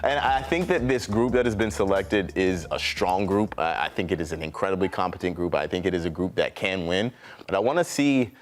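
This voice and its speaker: A man's voice: deep voice, lively intonation, brisk. A man analyzing soccer on a panel show, emphatic and repeating himself as he builds his points. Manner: emphatic, repeats words and restarts often. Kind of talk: sports panel discussion.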